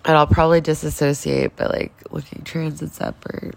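Woman in her 40s venting on a vlog, low gravelly voice, swears a lot, teary and rambling. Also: level tone, moderate pace. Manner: raw, emotional, heavy swearing, rambling. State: upset, on the edge of tears. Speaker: vlogger. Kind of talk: casual confessional vlog.

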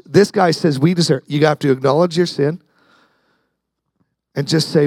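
A man's voice: a little high, steady tone, normal speed, pauses often, a little mellow, dry recording. A man preaching a sermon as pastor, talking conversationally, repeating words and acting out the people in his story.

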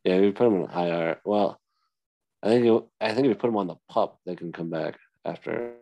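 A man co-hosting a casual sports podcast, talking in a relaxed way with lots of "like" fillers. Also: low-pitched, brisk, gravelly, muffled recording. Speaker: podcast co-host.

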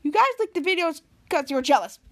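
Casting: woman reading a cocky, self-loving male hero, bragging and accusing, in a fairly high voice. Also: expressive, quick pace, fairly bright tone, no echo, exaggerated voice. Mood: boastful. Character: boastful vain adult male superhero.

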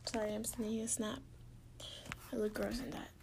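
A woman chatting intimately and casually to her partner, giggly and rambling in a soft, often half-whispered voice. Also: fairly high pitch, flat delivery, a little fast, creaky, very noisy. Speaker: podcast host talking to her partner. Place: indoors at home.

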